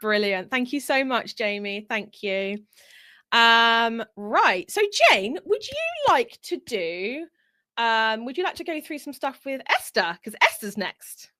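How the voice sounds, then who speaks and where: A woman's voice: fairly high pitch, sing-song, slow pace, bright, forceful tone, no echo. A British woman hosting a casual video call, chatty and bubbly, laughing often and rambling with fillers. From England. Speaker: host and coach.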